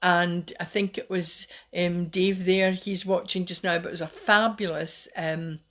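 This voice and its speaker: A woman's voice: on the low side, little pitch movement, unhurried, fairly bright tone. A middle-aged woman giving a casual, personal live talk as host, chatty and open, laughing at herself now and then. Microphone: webcam or phone on a live stream.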